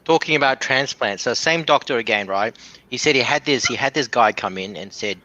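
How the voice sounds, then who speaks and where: A man's voice: medium pitch, fairly quick, bright, forceful tone, rough recording. A man telling rambling dirty jokes as a caller on a show, restarting his sentences often. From Australia. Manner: rambling storyteller, many restarts. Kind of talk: casual joke telling on a call-in show.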